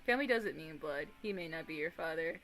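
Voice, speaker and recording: A young woman in her twenties streaming casual chat, rambling and animated, swearing casually and breaking into excited impressions of others. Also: sits low, a little fast, faint music behind, rough recording.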